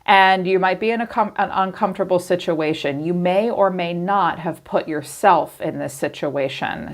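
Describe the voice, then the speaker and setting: A woman giving a casual tarot reading, chatty, slipping into lively voices for the quoted messages. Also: fairly low pitch. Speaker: tarot reader.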